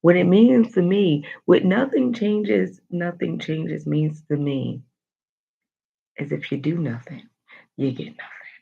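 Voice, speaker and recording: A woman giving a motivational daily vlog, animated and talking straight to her viewers with playful asides. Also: on the low side, slow, creaky, husky, phone-quality sound. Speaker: motivational vlogger.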